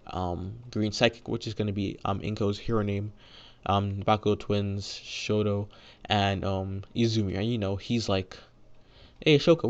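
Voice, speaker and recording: A man's voice: fairly low pitch, muffled recording. A young man casually retelling a fan-made story, rambling with lots of fillers and restarts.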